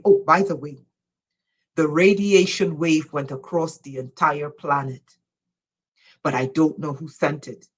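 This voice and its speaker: A woman spiritual teacher giving an impassioned lecture, emphatic and loud at times, again and again urging her listeners to listen. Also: low voice, poor audio.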